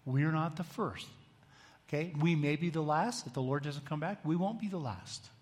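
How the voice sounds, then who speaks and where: A man's voice: a little high, moderate pace. A man giving a conversational bible teaching, often asking the room questions and raising his voice when he reads scripture aloud. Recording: long hall reverb.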